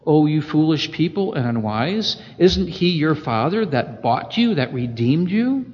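Male pastor, high voice, emphatic, roomy lo-fi church sound. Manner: emphatic, swings between loud and hushed. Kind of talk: sermon with scripture reading. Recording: echoey hall, dull lo-fi sound.

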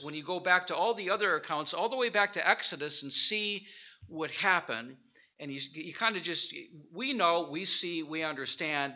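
A man teaching an informal Bible study, thinking aloud with halting restarts and rhetorical questions. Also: a little high, pushed and bright, lo-fi sound.

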